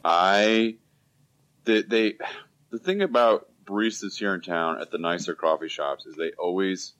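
A man's voice: low voice, unhurried, a bit bright, highs cut off. A man rambling casually and joking as host of a conversational chat.

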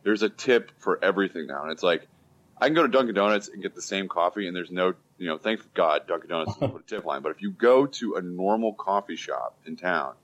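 Deep-voiced male host, loose and jokey, recorded on a dull, lo-fi mic. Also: lively intonation, fairly quick, a bit bright. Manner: rambling, loose, joking. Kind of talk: casual chat.

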